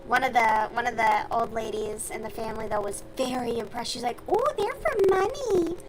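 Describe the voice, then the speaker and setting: A woman's voice: fairly high pitch, level tone, brisk, over music, poor audio. A young woman from the US South chatting casually and bluntly with her stream viewers while she crochets, with plenty of swearing.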